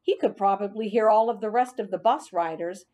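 A woman's voice: mid-range voice, fairly quick, mellow. A woman narrating a children's storybook in the first person as a hamster, reading expressively.

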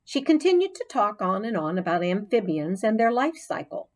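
A woman narrating a children's audiobook in an expressive, unhurried storytelling manner, giving the characters their own voices. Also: mid-range voice.

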